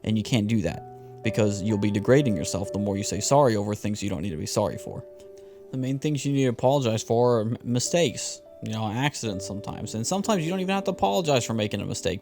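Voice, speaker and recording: A young man hosting a casual motivational podcast, talking in an animated, slangy way with lots of repeated words. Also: lowish voice, fast talker, over music. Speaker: podcast host.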